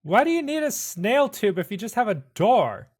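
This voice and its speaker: A woman playing in a tabletop game, sounding incredulous and quick to laugh. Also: a little high, big pitch swings, a little mellow, husky. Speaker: player.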